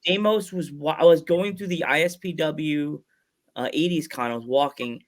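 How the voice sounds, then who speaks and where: Podcast host, male, higher register, rambling anecdotal delivery with frequent restarts. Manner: rambling storyteller who acts out quoted voices; halting restarts mid-sentence. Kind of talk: casual podcast interview.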